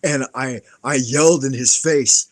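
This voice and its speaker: Man, live stream host, casual storytelling, profane, mid pitch, dry close sound. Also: a little slow, no echo. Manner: profane, animated anecdote-telling with acted-out quotes.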